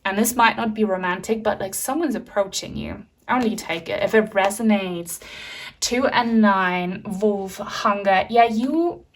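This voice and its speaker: A woman's voice: medium pitch, a little slow, distant mic. A woman giving a pick-a-card tarot reading in a chatty, reassuring way, with many ums. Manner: chatty, reassuring, frequent fillers. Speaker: tarot reader.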